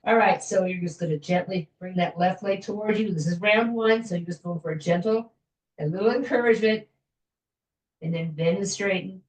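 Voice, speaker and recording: A woman fitness instructor guiding a floor stretching class in a gentle, chatty way, with small jokes about herself. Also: medium pitch, normal speed, distant mic. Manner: gentle, chatty, self-joking with little laughs. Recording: echoey room, voice from afar.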